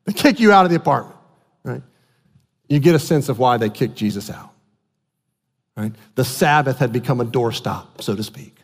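A man preaching a sermon as pastor, animated and asking his congregation questions. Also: mid-range voice, moderate pace, long pauses. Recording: long hall reverb.

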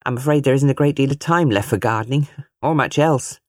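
A woman reading an audiobook, voicing a polite, gallant young male farmer with a restrained, gently apologetic manner. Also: extremely low pitch, a little fast, dry recording, clean studio sound. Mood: modest.

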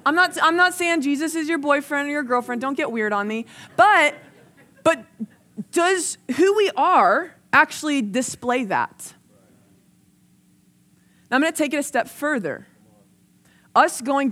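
A woman's voice: high voice, expressive, normal speed, a bit bright. A woman preaching a sermon into a microphone, conversational and earnest, telling personal stories with lots of "like" and building in intensity. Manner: conversational, storytelling with frequent "like".

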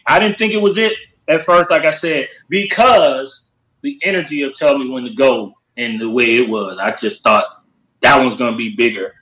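A man's voice: medium pitch, moderate pace. A man, a music producer, telling studio stories in a casual interview, acting out the people he quotes. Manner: animated, acts out quotes with shouted voices. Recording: roomy echo.

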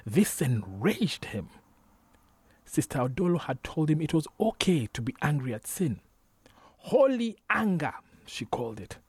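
A man reading a novel aloud as a narrator, measured and unhurried, sometimes dropping to a whisper. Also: mid-range voice, big pitch swings, darkish tone, breathy edge, dry recording. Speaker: audiobook narrator. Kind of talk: scripted narration.

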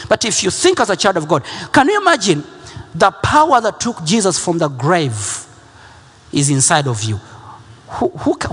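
Preacher, male, husky high voice with big swings; emphatic, repeats lines, builds to shouts, in a long-reverb hall. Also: big pitch swings, normal speed. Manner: emphatic and repetitive, rising to shouts. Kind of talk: sermon.

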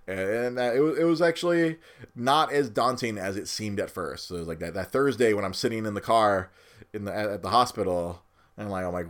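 A man's voice: fairly low pitch, fairly quick. A man in his thirties, a new father, talking casually and rambling, repeating words as he goes and often laughing at himself. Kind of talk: casual chat.

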